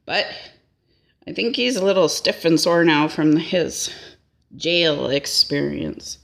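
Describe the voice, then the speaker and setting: A woman's voice: low voice, takes it slowly, vocal fry, fairly bright tone. A woman doing a rambling, folksy comic monologue and tagging her lines with a questioning "eh?". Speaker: comedian.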